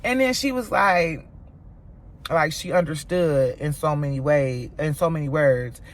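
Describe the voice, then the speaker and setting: Animated cursing mom telling a story. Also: female voice, low-pitched, a little slow. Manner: animated, profane retelling, voicing quoted people; talks straight to viewers as "y'all". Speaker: mom vlogger. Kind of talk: storytime vlog.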